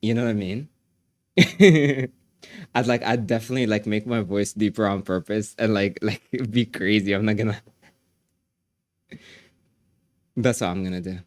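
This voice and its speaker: A man with a fairly low voice chats casually on a live stream, joking and breaking into laughter often. His talk is loose and full of fillers. The sound is dry and close, with no room around it. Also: steady tone, measured pace, long pauses, no echo.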